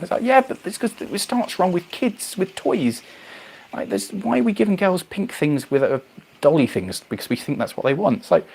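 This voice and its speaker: A man hosting a casual livestream, chatting to viewers in a rambling, animated way. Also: medium pitch. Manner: rambling, animated, goes off on tangents. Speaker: livestream host. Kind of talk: casual chat reading viewer comments.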